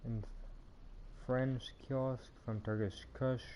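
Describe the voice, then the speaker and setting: A man with a Japanese accent casually commenting on a game stream, chatty and deadpan, with muttered asides and some swearing. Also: medium pitch, slow pace, muffled recording, slight background noise. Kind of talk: casual gaming livestream commentary. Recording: voice over loud game music.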